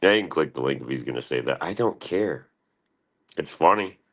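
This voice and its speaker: A man streaming live, rambling in a profane, casual rant and mimicking other people in higher voices. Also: expressive, moderate pace, a bit bright. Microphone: streaming mic.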